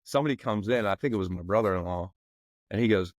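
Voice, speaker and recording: A man in his forties, from the McKeesport area in Pennsylvania, chatting as a podcast guest. His voice sits a little low and sounds dry and close, with no room around it. He rambles loosely and leans on "you know what I mean.". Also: fast, no echo. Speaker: podcast guest, former football player. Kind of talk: casual podcast conversation.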